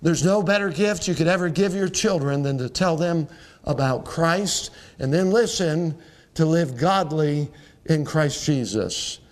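A man's voice: fairly high pitch, measured pace. A man pastor preaching a sermon to his church, quoting scripture and building to emphatic peaks.

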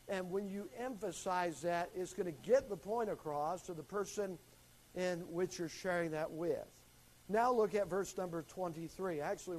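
Emphatic preaching man, fairly high voice. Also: a little mellow, slight background noise, poor audio. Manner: emphatic, varies volume and slows for stress on scripture. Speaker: pastor teaching a class. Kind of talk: sermon teaching.

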